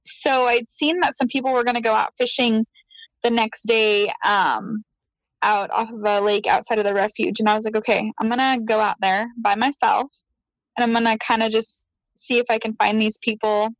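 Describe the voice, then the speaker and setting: A woman telling a story in casual chat, animated, laughing often and acting out her own quotes. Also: fairly high pitch, normal speed, dry recording, low-quality recording. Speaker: guest.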